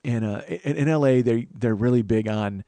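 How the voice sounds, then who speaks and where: A man's voice: mid-range voice, moderate pace, dark tone, no room sound. A man, a comedian and podcast host, telling a profane, exasperated comic story.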